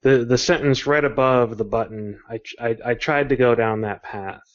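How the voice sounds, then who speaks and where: A man co-hosting a podcast in casual chat, answering with quick agreeing replies. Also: medium pitch. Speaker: podcast co-host. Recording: dull lo-fi audio.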